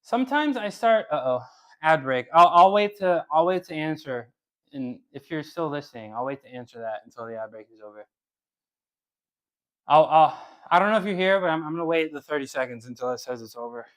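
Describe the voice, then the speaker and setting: Man, slightly higher voice, loose rambling live-stream workout coach who chats with viewers between sets. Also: animated, brisk, fairly bright tone. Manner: casual, rambling, repeats himself; talks to chat while exercising. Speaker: fitness streamer.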